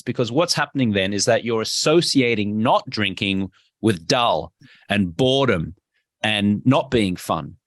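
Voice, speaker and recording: A man's voice: mid-range voice, no room sound, clean studio sound. A man with an Australian accent, a podcast guest and health coach, talking emphatically and acting out little dialogues. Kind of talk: energetic interview talk.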